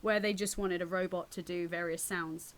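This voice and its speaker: A woman actress and voice actor, a guest on a radio arts show, telling lively stories about her work. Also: fairly low pitch, moderate pace. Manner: lively storyteller, acts out quoted voices. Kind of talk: radio interview chat.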